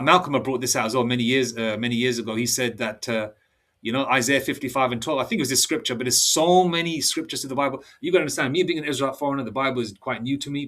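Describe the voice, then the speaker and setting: A man, giving a heated sermon-style monologue. He talks forcefully, repeats himself and keeps checking in with "all right?". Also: mid-range voice. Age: 50s. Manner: forceful, repetitive, ends phrases with "all right?". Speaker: preacher. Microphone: laptop mic. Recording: distant laptop mic.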